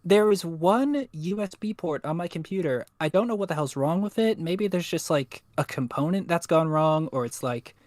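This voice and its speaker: A man's voice: fairly high pitch, normal speed, few pauses, a little mellow, no echo. A young man chatting casually on a livestream, rambling and swearing with self-mocking humor. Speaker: co-host. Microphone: USB desk microphone.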